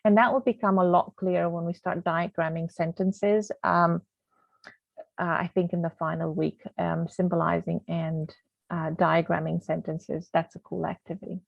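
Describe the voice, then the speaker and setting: A woman's voice: on the low side, steady tone, moderate pace, creaky, dry recording. A woman teaching a grammar lesson over slides in a chatty way, with many ums, sometimes losing her thread. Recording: tinny phone-like, dry sound.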